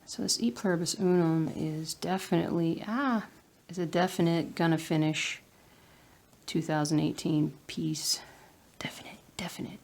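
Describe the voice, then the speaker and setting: A woman's voice: low-pitched, fairly even intonation, a little slow, gravelly, darkish tone. A woman with a Southern US accent chatting casually while she stitches at home, muttering to herself and sometimes dropping into a whisper. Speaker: cross-stitch vlogger.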